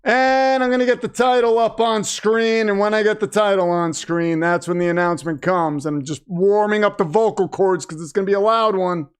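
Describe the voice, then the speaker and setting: A man hosting a live watch-party stream from a home setup, chatting casually and breaking into loud wrestling-announcer shouts. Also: high voice, steady tone, moderate pace, hardly any pauses, clear, resonant tone. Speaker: livestream host.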